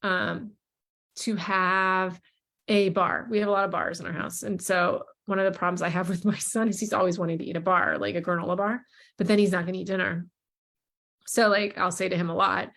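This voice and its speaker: A woman, a mother and parenting creator, giving casual advice in a calm, reassuring way and modeling gentle phrases to say to children, with frequent ums. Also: on the low side, fairly quick, gravelly. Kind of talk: casual advice talk with role-played parent lines.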